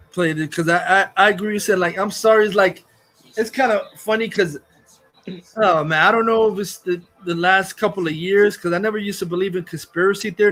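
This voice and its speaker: A man with a high-sitting, somewhat bright voice hosts a livestream, ranting heatedly. He curses and mocks as he talks.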